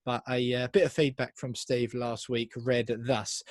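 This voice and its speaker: A man's voice: mid-range voice, level tone, measured pace, hardly any pauses, no room sound. Chatty man hosting, dry sound. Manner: chatty, jokey, upbeat presenting. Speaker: podcast host. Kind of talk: casual podcast chat.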